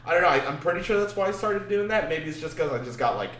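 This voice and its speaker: A man's voice: on the high side, animated, fast talker, a bit bright. A young man chatting casually as a podcast co-host, rambling through stories with lots of swearing and laughter. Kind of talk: casual chat. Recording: echoey room, far from mic, faint noise.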